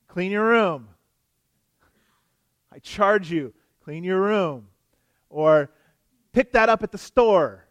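A man's voice: sits high, no room sound. A male pastor delivering an expository sermon, earnest and emphatic, often asking the congregation rhetorical questions.

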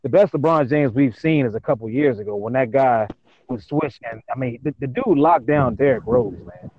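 A man's voice: medium pitch, moderate pace, no echo, highs cut off. A man in a casual sports debate, emphatic and often repeating words as he starts a point. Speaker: panelist.

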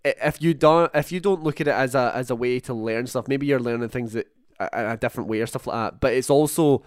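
A man's voice: medium pitch, fast, clear, resonant tone, no room sound. A young man with a Scottish accent chats casually, rambling through long thoughts and correcting himself as he goes. His voice sits mid-range and is recorded close and dry. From Scotland. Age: young adult. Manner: rambling, self-interrupting, animated asides. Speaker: podcast co-host. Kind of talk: casual chat.

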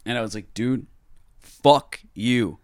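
A young man in his twenties telling a story in casual chat, swearing a lot and acting out other people's voices loudly. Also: mid-range voice, takes it slowly.

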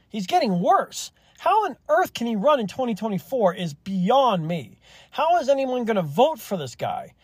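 A man's voice: high voice, no room sound. A young man hosting a solo opinion podcast, rambling and swearing freely as he argues his views. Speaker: podcast host.

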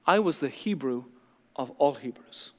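A man's voice: mid-range voice, expressive, normal speed, a little mellow, long reverb tail, pitched below the performer's own voice, lightly acted. A man voicing a proud male religious scholar who lists his credentials in a condescending, self-satisfied way. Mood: boastful.

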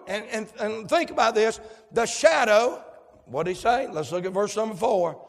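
A male preacher, delivering a fervent sermon that swings from hushed tones to shouts. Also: sits high, expressive, normal speed, gravelly, long reverb tail.

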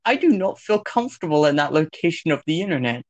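A man's voice: fairly high pitch, very animated, quick pace, darkish tone, slight background noise. A young man in casual chat, making blunt, dry remarks. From Britain.

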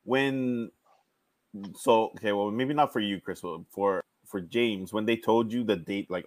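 Hesitant expectant father, lowish voice, dry close mic. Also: a little slow, no echo. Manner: hesitant, restarts while asking questions. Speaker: expectant father asking friends. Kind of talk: casual chat.

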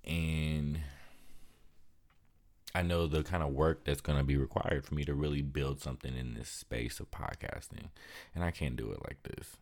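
A man's voice: rumbling low, steady tone, moderate pace, darkish tone. A young man hosting a podcast, speaking candidly and bluntly, exhausted and depressed, worn down and swearing often. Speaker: podcast host. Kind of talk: candid monologue.

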